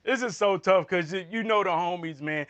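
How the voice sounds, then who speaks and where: Man, esports analyst, high voice, bright and punchy, slangy trash talk. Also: moderate pace. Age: adult man. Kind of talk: casual esports desk chat.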